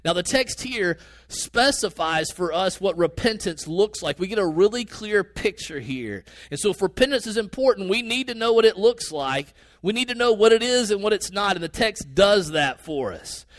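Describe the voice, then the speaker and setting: A man preaching a sermon as a pastor, earnest and conversational, with sudden rises in pitch and pace. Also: expressive, moderate pace, dry recording.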